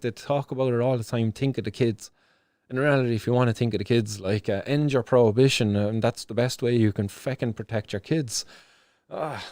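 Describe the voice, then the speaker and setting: A young Irish livestream host vents about the news in loose, swear-filled chat, full of restarts and fillers. His pitch sits in the middle range. The sound is dry and close, with almost no room echo. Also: darkish tone. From Ireland. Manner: ranting, swears often, heavy fillers and restarts. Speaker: show host. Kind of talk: casual livestream news commentary.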